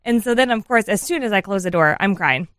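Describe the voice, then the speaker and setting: A woman in her thirties co-hosting a radio show, telling a self-deprecating story in an animated, laughing way. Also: medium pitch, fast, dry recording, studio quality. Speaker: radio co-host. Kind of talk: casual chat.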